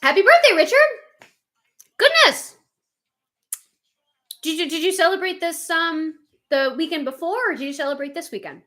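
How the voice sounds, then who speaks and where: A woman hosting a livestream, chatting casually with viewers and reading their comments, animated and quick to laugh. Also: high-pitched. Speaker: livestream host.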